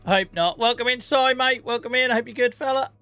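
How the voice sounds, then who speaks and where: A man in his forties, live streaming a farming game and chatting casually with his chat, joking, laughing often and greeting viewers by name on a boom-arm mic. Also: fast, bright, forceful tone, clean tone, soft background music. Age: 40s. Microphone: boom-arm microphone.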